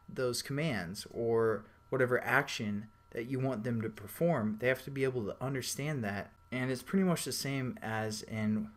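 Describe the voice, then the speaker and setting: A young man giving a casual programming tutorial, chatty and rambling, with slangy everyday analogies. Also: medium pitch. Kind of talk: casual screen-recorded coding tutorial.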